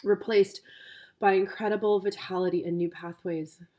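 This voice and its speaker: A woman's voice: mid-range voice, normal speed. Emotional woman doing a tarot reading. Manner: emotional, gushing, laughs and cries easily. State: tearful. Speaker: tarot reader and coach. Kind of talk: casual tarot reading to viewers.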